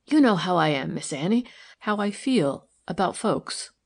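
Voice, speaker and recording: Woman reader voicing a wheezy, anxious old servant woman; pleading, pitched up, storybook character. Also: expressive, unhurried, breathy edge, full character voice. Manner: pleading, shrill when upset. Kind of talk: audiobook character voice.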